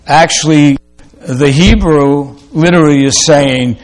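Slow, deliberate male preacher. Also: a little high, expressive. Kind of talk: sermon.

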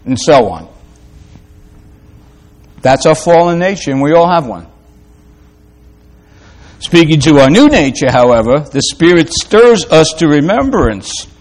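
Slow, emphatic male preacher. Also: a little high, big pitch swings. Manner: emphatic, repetitive preaching with rhetorical questions. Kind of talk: sermon.

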